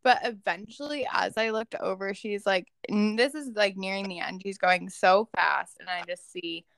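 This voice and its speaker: A young woman co-hosts a podcast, giggling and chatting casually while she recounts a family story. Her mid-range voice is a touch bright and moves at a moderate pace.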